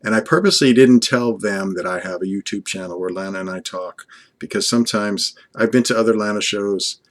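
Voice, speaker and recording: An older man from Long Island speaks in a slightly low voice, rambling on earnestly in a casual vlog. He talks fondly to an unseen companion, piling on praise and drifting between thoughts. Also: a little fast. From Long Island, USA. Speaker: vlogger.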